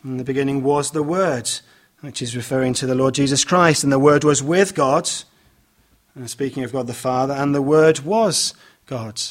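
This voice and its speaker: A man preaching a sermon, speaking in a measured way with many "uh" fillers and restarts as he reads scripture aloud and explains it. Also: mid-range voice.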